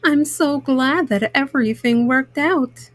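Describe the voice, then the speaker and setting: Slow gentle woman storyteller. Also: sits high, no echo. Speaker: children's story reader. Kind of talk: reading a picture book aloud.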